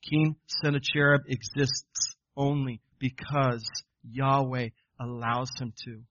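A man's voice: medium pitch, slow pace, muffled recording, a little hiss or hum. A man preaching a sermon, reading scripture aloud and explaining it to his listeners in an earnest, direct way, calling them folks and guys. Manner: reads scripture with rising emphasis, repeats words when excited.

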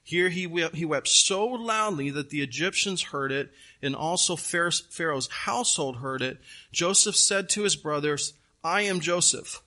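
Male pastor, sermon delivery; earnest, animated storyteller with a bright tone and unhurried pace. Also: a little high.

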